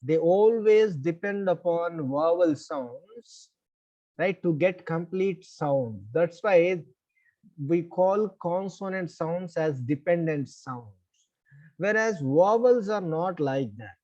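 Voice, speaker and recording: A man's voice: fairly high pitch, lively intonation, darkish tone, dull audio. A man with an Indian English accent, teaching an online class, explaining step by step and checking in with students. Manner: repeats "right?" as check-ins, measured explaining.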